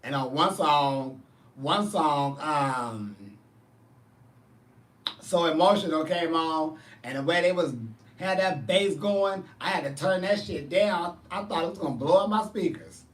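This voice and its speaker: A man with a higher-than-usual voice, chatting casually with viewers as a drag performer and show host. He tells animated, profane stories, and he sits back from the mic in a roomy space. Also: unhurried, recorded from a distance. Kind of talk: casual chat answering viewers.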